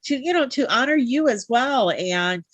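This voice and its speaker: This high-pitched, animated woman hosts a live interview show at a moderate pace, with no echo. She sounds heartfelt and chatty, using lots of fillers and restarts.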